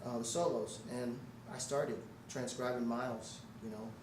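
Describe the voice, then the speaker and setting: A male musician spins stories for a live audience and breaks into scatted melodies as he acts out the people in them. He sits at an ordinary pitch, well back from the microphone. The room is echoey and carries steady background noise. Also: moderate pace. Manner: animated storyteller who scats melodies and acts out quotes. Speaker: guest musician answering audience questions. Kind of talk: storytelling at a live Q&A. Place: indoor music shop event space. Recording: roomy, distant, noisy live room.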